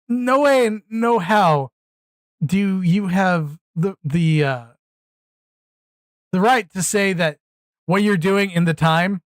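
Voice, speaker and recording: A man with a high-pitched voice hosts a live reaction stream, talking bluntly and exclaiming, often repeating himself when he gets worked up. There's no room sound.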